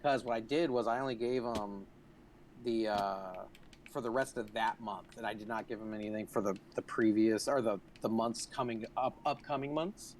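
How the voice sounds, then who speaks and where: A man's voice: on the low side, steady tone, normal speed, slight background noise. Profane rambling male gaming host. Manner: profane, rambling anecdote-telling. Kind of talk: casual chat while playing.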